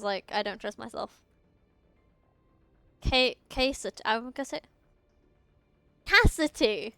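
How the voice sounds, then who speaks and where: A woman's voice: high-pitched, sharp tone, smooth, no echo. A young woman streaming a game, chatting casually with her viewers, giggling and tripping over her words. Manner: giggly, chatty, often talks to chat, trips over words.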